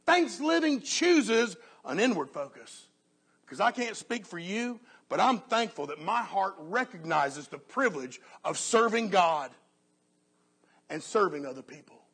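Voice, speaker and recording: A man preaching a sermon earnestly, often dropping to a soft hush on key phrases. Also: sits high, very animated, measured pace, husky.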